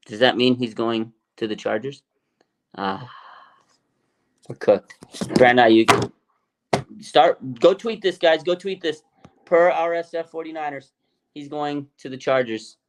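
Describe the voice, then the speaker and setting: A man's voice: medium pitch, a little slow, long pauses. A man hosting a casual sports livestream, often laughing and mocking rumors while reading out chat comments. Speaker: sports show host. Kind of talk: casual live-stream commentary.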